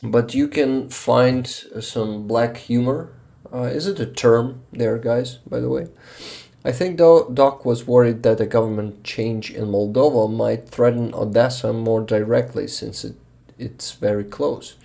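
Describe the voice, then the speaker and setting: A man with a Ukrainian accent chatting casually on a livestream, exhausted and halting, often restarting words. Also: mid-range voice, steady tone, gravelly, warm tone. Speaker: livestream host.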